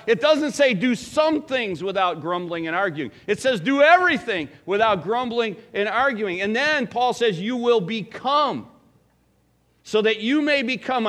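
A man's voice: high voice, animated, unhurried, a bit bright. A middle-aged man preaching a sermon in a conversational, folksy way, asking the congregation questions. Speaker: pastor.

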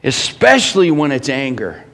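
A middle-aged man preaching a sermon as pastor, emphatic, swinging between loud bursts and hushed lines. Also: mid-range voice, sing-song, normal speed.

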